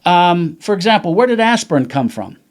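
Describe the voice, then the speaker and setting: A man's voice: high-pitched, sing-song, brisk. A man who is a guest in an interview, talking in a reflective way. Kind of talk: casual interview chat.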